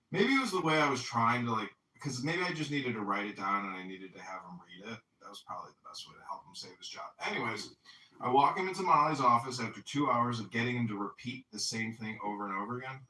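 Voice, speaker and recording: A man telling a long rambling story in a casual chat, swearing freely as he goes. His voice is very bright and cutting, and it sounds distant and echoey, caught from well off the mic. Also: medium pitch. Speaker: podcast host. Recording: echoey audio from far off the mic.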